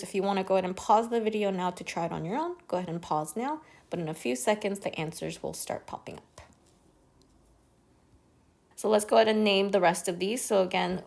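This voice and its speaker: Low, gravelly-voiced woman teaching. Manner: patient, step-by-step explaining. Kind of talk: recorded chemistry lesson.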